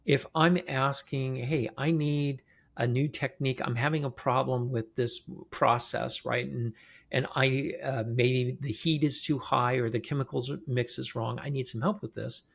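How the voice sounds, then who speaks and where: A man's voice: medium pitch, steady tone, measured pace, creaky, fairly bright tone. A man hosting a podcast interview, conversational and often checking in with the guest. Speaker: podcast host. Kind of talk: casual interview chat.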